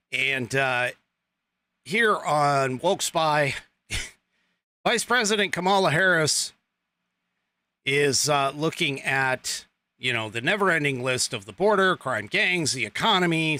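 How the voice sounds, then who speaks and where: Bright-voiced rambling male podcast host. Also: on the high side. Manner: rambling with many fillers and restarts; sarcastic asides. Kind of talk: casual political commentary.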